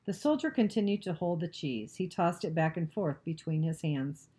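A woman reads a novel aloud at normal speed, narrating steadily and evenly. Her voice is very low for a woman, with a warm, mellow tone.

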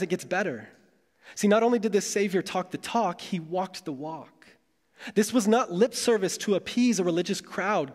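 A man preaching a sermon as pastor, reading scripture in a dramatic, measured delivery with long pauses. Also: sits high, darkish tone. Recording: long hall reverb.

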